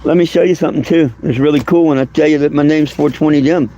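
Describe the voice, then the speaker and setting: This man's voice is fairly high and dark in tone, with fairly even intonation and a fast delivery, though the recording is muffled. He's outside next to his bus, filming himself and rambling hesitantly, stretching things out with fillers and repeated words.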